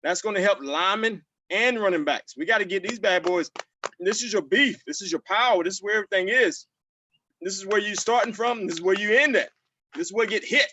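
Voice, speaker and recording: A man coaching football players in a virtual session, energetic and repetitive. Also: high-pitched, brisk, a little hiss or hum, low-quality recording.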